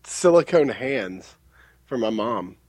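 A man in casual chat, relaxed, who laughs easily and tells short anecdotes. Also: medium pitch, slow pace, no room sound.

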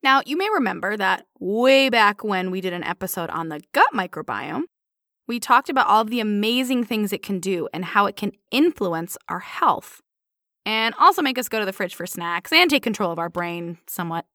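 A woman's voice: medium pitch, expressive, moderate pace, pushed and bright, dry recording, studio quality. A woman co-hosting a playful health podcast, explaining science and laughing often. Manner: giggly, explains science with jokes. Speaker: podcast co-host.

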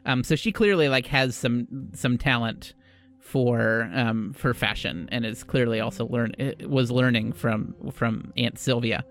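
A man's voice: mid-range voice, fairly even intonation, a little slow, a bit bright. A man narrating a tabletop game as game master, in a loose style full of fillers. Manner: casual, filler-heavy narration.

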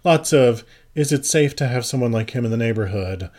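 A man's voice: medium pitch, animated, lightly acted. A man voicing a weary, tough-minded woman. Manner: tired, quiet, halting.

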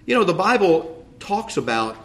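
A middle-aged man with a drawl gives a conversational sermon from the pulpit. His delivery is folksy and animated, with plenty of asides, and his pitch swings widely from phrase to phrase. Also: normal speed. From United States. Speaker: pastor.

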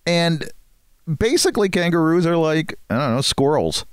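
A man's voice: a little high, sing-song, moderate pace, smooth, no echo, studio quality. Rambling, chuckling man telling a story. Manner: rambling storyteller, chuckles often, self-mocking. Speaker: podcast co-host. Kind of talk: casual chat.

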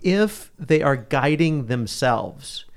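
A man's voice: a little high, expressive, slow, clean tone. A man co-hosting a Bible study, explaining scripture earnestly with everyday examples in conversational chat.

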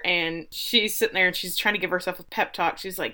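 A middle-aged woman in casual chat, recapping a TV episode with lively, swearing retellings. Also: mid-range voice, moderate pace. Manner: animated retelling with swearing and laughs. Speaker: podcast co-host recapping a TV episode.

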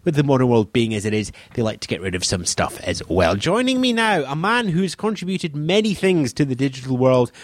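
A man's voice: mid-range voice, sing-song, fairly quick, few pauses, no echo. A man hosting a podcast, moving between a dramatic, playful scripted intro and casual chat. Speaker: podcast host.

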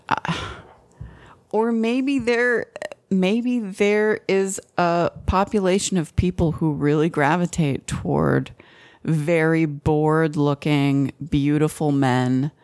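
A woman's voice: deep voice, a little mellow. A woman co-hosting a podcast, chatting casually and rambling with lots of fillers and giggles. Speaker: podcast co-host. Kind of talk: casual chat.

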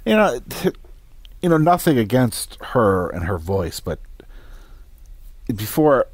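A man co-hosting a podcast, talking in a relaxed, conversational way with some restarts. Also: mid-range voice, slow pace, husky, no room sound. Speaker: podcast co-host. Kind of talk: casual chat.

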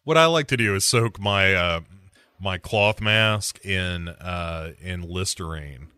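A man hosting a podcast, casually retelling a horror movie's plot with jokes and quick put-on voices. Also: low voice, smooth, no echo. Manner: jokey, animated plot retelling with quoted voices. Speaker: podcast host.

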